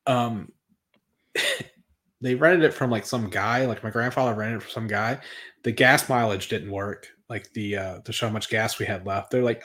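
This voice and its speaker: Rambling man telling stories, low voice. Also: unhurried, a bit bright. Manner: rambling storyteller, many fillers and restarts. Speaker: guest co-host. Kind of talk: casual podcast chat.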